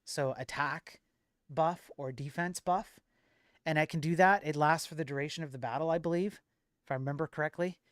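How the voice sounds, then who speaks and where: A man hosting a livestream and chatting to viewers in a loose, rambling way. His voice is smooth and clear, and the sound is dry and close. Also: fairly high pitch, moderate pace, fairly bright tone, no echo. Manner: rambling, full of fillers and restarts. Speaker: livestream host and moderator. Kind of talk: casual stream chat.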